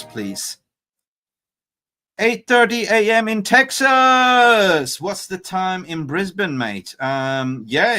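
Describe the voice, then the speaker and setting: A man's voice: a little high, sharp tone. A man hosting a casual live fan stream, joking loosely, swearing and reading viewer comments aloud. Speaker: fan channel livestream host.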